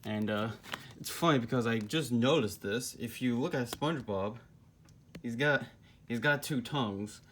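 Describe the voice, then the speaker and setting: A man's voice: mid-range voice, normal speed, a bit bright, a little hiss or hum. A man in his twenties giving a casual, rambling book review, recorded on a phone. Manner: rambling, full of fillers.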